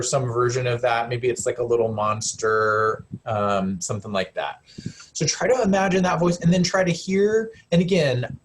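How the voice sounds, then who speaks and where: Gentle, conversational male counselor. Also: on the high side, normal speed. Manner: gentle, conversational, many fillers and restarts. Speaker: counselor presenting a webinar. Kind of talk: live webinar presentation.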